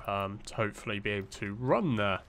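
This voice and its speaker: Over slight background noise, a young man with a lowish, a-bit-bright voice speaks a little fast and animated in casual let's-play commentary. He rambles, cracks jokes at his own expense, and relies on plenty of fillers.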